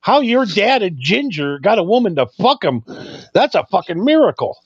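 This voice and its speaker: Gravelly high-voiced man joking crudely. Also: big pitch swings, moderate pace, no room sound, lo-fi sound. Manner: crude joking banter, trails off into tangents. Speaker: podcast co-host. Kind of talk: casual stoned chat.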